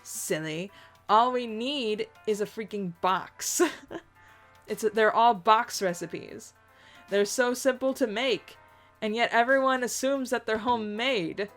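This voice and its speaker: A woman's voice: on the high side, slow, faint music behind. A young woman playing through and reading aloud a visual novel game, chatting and giggling between passages. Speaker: let's play host.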